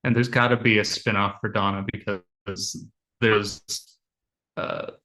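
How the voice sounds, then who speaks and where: A man's voice: fairly low pitch, little pitch movement, slow pace, sharp tone. A man co-hosting a casual podcast discussion, speaking hesitantly with many restarts and laughing as he talks.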